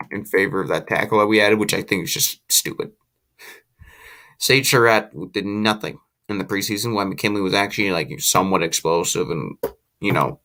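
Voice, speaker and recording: A young man with a fairly low, pushed, bright voice hosts a late-night livestream chat with viewers. He's sleepy and yawning, rambling casually with restarts and opinionated asides.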